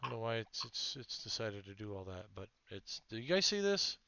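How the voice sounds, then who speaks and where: A man's voice: on the low side, very animated, a little fast, vocal fry, bright, forceful tone, smooth, no echo. A man narrating a tabletop role-playing game as game master, laughing often and mocking himself lightly. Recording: dull lo-fi dry sound.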